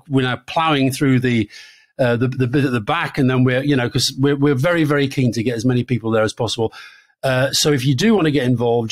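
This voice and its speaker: A British man co-hosting a political podcast in a casual, conversational way, often repeating words as he thinks aloud. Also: mid-range voice. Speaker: podcast co-host.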